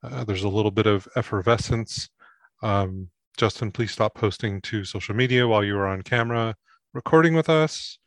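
A man's voice: fairly low pitch, moderate pace, no echo, studio quality. A man co-hosting a casual podcast, teasing the others and enthusing about the whiskey he's tasting. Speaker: co-host.

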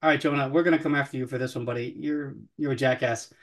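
A man's voice: mid-range voice, steady tone, fast, a bit bright. A man co-hosting a casual podcast, talking whiskey in a sarcastic, profane and mock-threatening way. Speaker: podcast co-host, whiskey commentator.

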